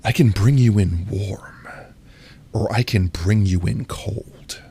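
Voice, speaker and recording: A man putting on a stern, sultry, intimidating voice in a breathy, drawn-out whisper, as whispered role-play. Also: on the low side, warm tone, slight background noise.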